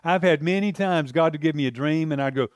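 A pastor preaching a sermon in a loose, conversational way, often restarting and acting out the people in the story. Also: male voice, fairly high pitch, fairly quick, no room sound, studio quality.

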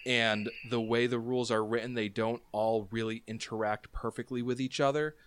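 A man narrating a tabletop game as game master, explaining rules and describing scenes with brisk fillers. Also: medium pitch, steady tone, slight background noise.

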